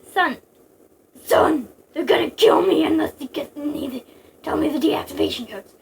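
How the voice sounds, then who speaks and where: A woman's voice: high voice, moderate pace, gravelly, recorded from a distance, slight background noise. A woman voicing a desperate, dying old soldier who pleads with his son. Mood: pleading.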